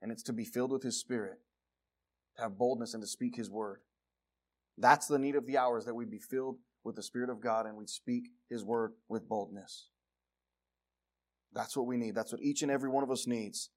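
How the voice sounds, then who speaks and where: A male preacher giving a sermon, reading scripture and moving from loud declarations to quiet asides. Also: medium pitch, fairly even intonation, normal speed. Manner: reads scripture aloud in King James wording.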